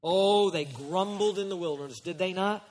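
A man preaching a sermon, dropping to hushed warnings and rising to loud urgent appeals, acting out his listeners' excuses. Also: sits high, in a large hall. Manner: acts out listeners' excuses in quick quoted voices. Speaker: pastor.

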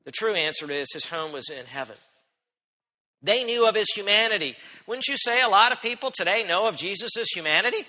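A man preaching a sermon, swinging from quiet asides up to loud, emphatic quotations. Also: sits high, fairly quick, in a large hall. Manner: expressive, rising to loud emphatic quotes and dropping to quiet asides.

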